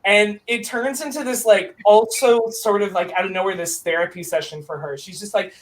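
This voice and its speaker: A young man with a noticeably high voice tells a story in casual conversation. He is animated and self-mocking, with plenty of likes and you-knows. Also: normal speed. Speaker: guest.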